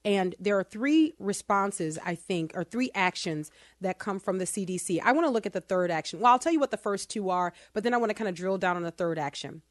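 A woman hosting a casual opinion podcast, her voice sitting mid-range and close to the mic in a dry, dead room. She talks fast through figures, then slows hard on key words, dropping in sarcastic asides as she goes. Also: medium pitch, no echo. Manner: animated, sarcastic asides, quick bursts then slow emphasis. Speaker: podcast host.

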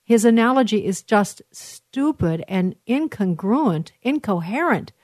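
Rambling talk host, dry close sound. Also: female voice, medium pitch, animated, unhurried, darkish tone, no echo. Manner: rambling, many fillers and restarts. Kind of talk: talk radio commentary on clips.

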